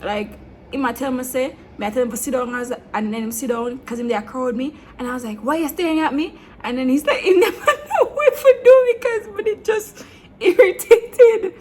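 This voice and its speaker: A young woman telling a storytime vlog, blunt and animated, slipping between patois and standard English. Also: fairly high pitch, slight background noise. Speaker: vlogger. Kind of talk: storytime monologue.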